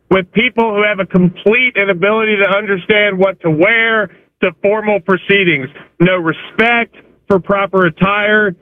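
A man's voice: high-pitched, no room sound. A man calling a radio show to air an emphatic gripe. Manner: griping, emphatic. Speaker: caller. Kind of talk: ranting radio call. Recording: tinny dry phone line.

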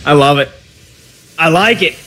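A man's voice: on the high side, unhurried, sharp tone, soft background music. A man hosting a sports radio show, chatting energetically and joking with his producers.

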